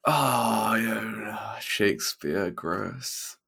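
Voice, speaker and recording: Slow, low-voiced teasing man. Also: creaky, bright, forceful tone, slightly rough. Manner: dry teasing humor. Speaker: podcast co-host. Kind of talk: casual chat.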